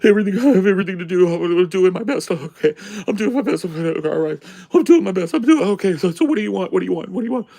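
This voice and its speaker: A man voicing a frazzled, babbling waitress in a shrill, frantic falsetto. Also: animated, extremely slow, gravelly, long pauses, darkish tone, full character voice. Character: frazzled babbling waitress, woman, overwhelmed and whiny.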